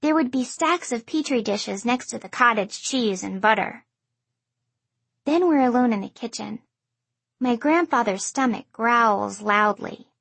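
Husky woman narrating an audiobook. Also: fairly high pitch, a little slow, a bit bright, no echo. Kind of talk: first-person audiobook narration.

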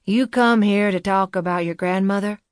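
A woman voicing a wizened, guarded old man who answers in gruff, hoarse, terse lines. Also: fairly low pitch, flat delivery, no echo, clean studio sound. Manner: terse, evasive, slow replies.

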